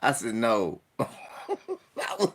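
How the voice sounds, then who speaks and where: A man's voice: on the low side, slow. A man in his forties telling profane stories in casual chat, laughing often and acting out the people he quotes. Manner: profane, laughs often, animated story voices. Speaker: podcast host telling stories.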